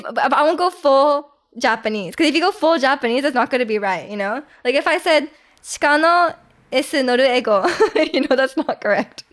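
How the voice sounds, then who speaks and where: A young woman streaming live, chatting casually with viewers, giggling and restarting her sentences often. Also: high-pitched. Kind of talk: casual chat reading viewer comments.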